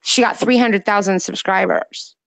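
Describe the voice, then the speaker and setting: A woman co-hosting a late-night livestream chat, ranting emphatically and rapidly with plenty of profanity. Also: medium pitch, fairly even intonation, creaky, no room sound. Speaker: livestream co-host.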